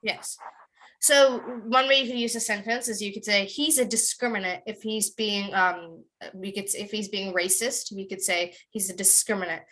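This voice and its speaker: A woman teacher leading an online class, repeating each word slowly and calling on students by name to try it. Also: medium pitch, steady tone, sharp tone, slight background noise.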